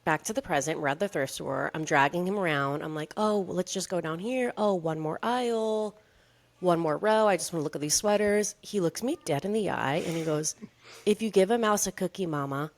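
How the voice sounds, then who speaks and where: Low-voiced chatty woman co-host. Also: fairly quick. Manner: chatty storyteller, many "like" fillers. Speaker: podcast co-host. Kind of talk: casual chat.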